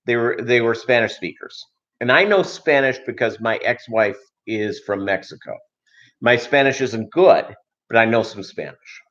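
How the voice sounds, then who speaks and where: A middle-aged man hosts an aquarium livestream about fish-keeping, chatting casually and telling stories in a rambling, joking way with lots of fillers. His voice is medium-pitched, expressive, and fairly bright, at a moderate pace. The lo-fi stream audio is slightly dull.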